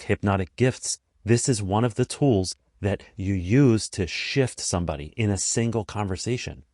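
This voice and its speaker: A man hosting a podcast, talking through a motivational monologue in a deliberate, emphatic way and repeating phrases for stress. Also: low-pitched, darkish tone, no echo, clean studio sound. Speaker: podcast host.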